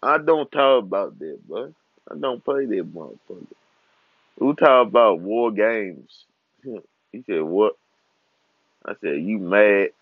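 Young man in his 20s, slow drawl, trash-talking rant, dull lo-fi dry sound. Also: lowish voice, lively intonation, dry recording. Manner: trash-talking, laughing, swearing freely. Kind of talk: casual profane rant. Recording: dull lo-fi recording.

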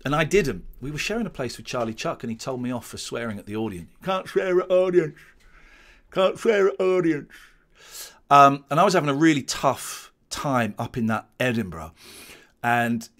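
A man's voice: mid-range voice, expressive, a little fast, pushed and bright. A man, rambling and restarting as he gives casual commentary on his old show. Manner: rambling, many restarts and stammers. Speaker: host watching back his old show.

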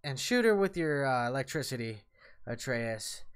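A man streaming a game live, tipsy and swearing loudly at the boss as he comments on his play. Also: mid-range voice, big pitch swings, moderate pace, smooth. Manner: profane, yelling and cursing at the game. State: tipsy from drinks and smoking.

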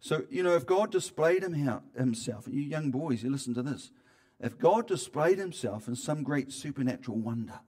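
A man preaching a sermon in church, talking conversationally with frequent restarts and swings between loud emphasis and quiet asides. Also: fairly high pitch, lively intonation, moderate pace, few pauses. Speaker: pastor.

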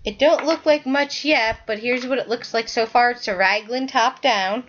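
A woman's voice: on the high side, normal speed, fairly bright tone, lo-fi sound. A woman hosting a knitting podcast, chatting casually and rambling as she shows her work to the camera, often correcting herself mid-sentence.

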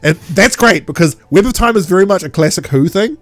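A man hosting a casual podcast, excitable and laughing often as he retells scenes and acts out quotes. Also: sits high, brisk, dry recording. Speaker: podcast host.

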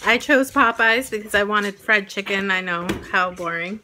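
A woman in her twenties talking to the camera in a casual home vlog, excitable and quick to laugh. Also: mid-range voice. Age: 20s. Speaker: vlogger. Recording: noisy home recording.

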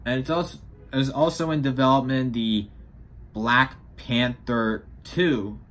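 A man's voice: mid-range voice, steady tone, a little slow, a bit bright. A teenage boy vlogging casually about upcoming films, rambling with frequent restarts. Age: teens. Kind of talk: casual vlog commentary.

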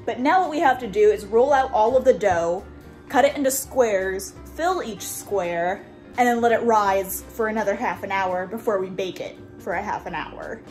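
A woman's voice: mid-range voice, normal speed, darkish tone, soft background music. A woman vlogger cooking in a home kitchen, chatting casually as she explains each step plainly.

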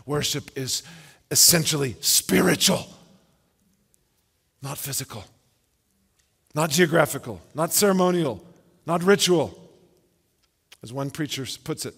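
A man's voice: sits high, expressive, moderate pace, pauses often. A man preaching a sermon as pastor, emphatic, asking rhetorical questions and repeating words as he builds his points. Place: church sanctuary. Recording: long church-hall reverb.

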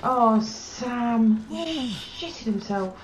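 A woman hosting a reaction video, giving live commentary full of swearing and emotion, moving from hushed murmurs to excited shrieks. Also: fairly high pitch, extremely slow, noisy background. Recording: dull, roomy home recording.

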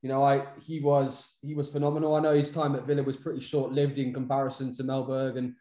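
A man's voice: mid-range voice, flat delivery, fast talker, warm tone. A man hosting a casual chat, hesitant and often repeating his words as he goes. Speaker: podcast host. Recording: roomy echo.

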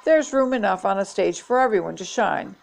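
A woman's voice: mid-range voice, lively intonation, a little fast, creaky. A grandma playing a bossy snake-keeping woman. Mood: lecturing.

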